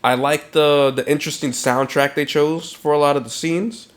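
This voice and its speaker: A man's voice: a little high, normal speed. A man co-hosting a film podcast, talking loosely and with plenty of swearing about movies he saw. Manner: loose, profane, animated film talk. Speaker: podcast co-host. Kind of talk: casual chat.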